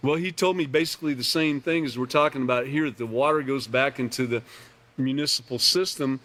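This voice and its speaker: A man teaching a live online class from slides, talking casually with joking asides and often clearing his throat. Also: medium pitch, a little fast, a bit bright. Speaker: class instructor.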